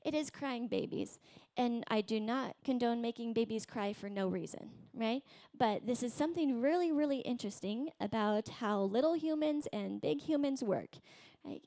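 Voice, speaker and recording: A woman pastor in her thirties giving a sermon in a chatty, conversational way, often checking in with "right?". Her voice sits a little high, and the close mic sounds dry and plain, with no room behind it. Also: moderate pace, mellow, no room sound. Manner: conversational, tags points with "right?"; acts out voices in quotes, rising high.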